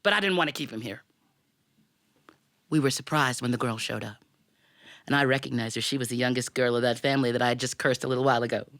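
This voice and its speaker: A woman storyteller, telling a tale in first person with playful, animated delivery and laughing asides. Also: a bass voice, fast talker, no room sound, clean studio sound.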